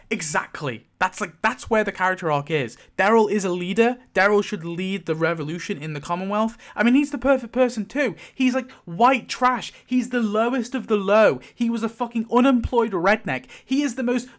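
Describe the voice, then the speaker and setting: A man hosting a show, ranting about a TV series with heated, swearing, animated commentary. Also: sits high, fairly quick, few pauses. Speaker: show host.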